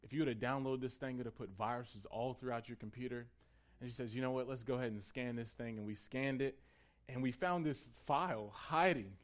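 A man's voice: mid-range voice, brisk. Conversational man preaching a sermon. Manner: conversational, building to emphatic peaks. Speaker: pastor.

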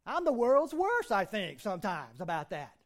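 A man's voice: sits high, wildly swooping pitch, normal speed. A middle-aged man preaching a sermon as pastor, folksy and conversational, with plenty of rhetorical questions.

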